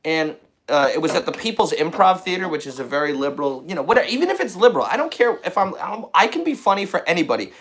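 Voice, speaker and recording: A man's voice: fairly high pitch, big pitch swings, fast talker, fairly bright tone. A man hosting a comedy podcast, rambling and boastful, repeating himself as he riffs. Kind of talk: casual comedy podcast chat.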